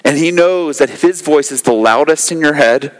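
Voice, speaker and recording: A man with a high voice preaches emphatically, hammering home phrases through repetition. His sermon rings with the long reverb of a large hall. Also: moderate pace. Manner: emphatic, repeats phrases for effect. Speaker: pastor.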